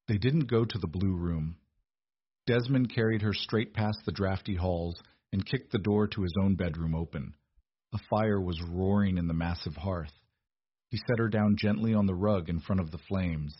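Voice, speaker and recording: A man narrates a romance story in a steady, measured way. His voice is low and husky. The recording sounds dull and dry, with no room echo.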